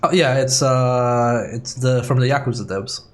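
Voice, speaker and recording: A man's voice: medium pitch, fairly even intonation, unhurried. A man streaming a video game, chatting casually and rambling with jokes as he plays. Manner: joking, rambling. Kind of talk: casual let's play chat.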